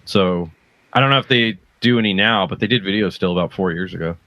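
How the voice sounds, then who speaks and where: A man's voice: deep voice, fast, no room sound. Laid-back man on a dull lo-fi line. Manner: laid-back, short interjections. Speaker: podcast co-host. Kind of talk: casual chat. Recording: dull, slightly lo-fi, dry sound.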